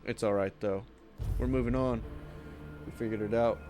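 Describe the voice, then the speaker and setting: A man's voice: medium pitch, fairly even intonation, normal speed, a little mellow, faint music behind. A man giving casual, rambling commentary as he plays a video game, talking to himself. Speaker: gaming streamer.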